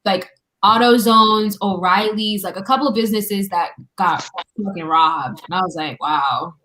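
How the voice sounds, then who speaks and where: A woman's voice: mid-range voice, normal speed, pushed and bright. A woman talking frankly in a casual group discussion over a video call, swearing freely. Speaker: panelist.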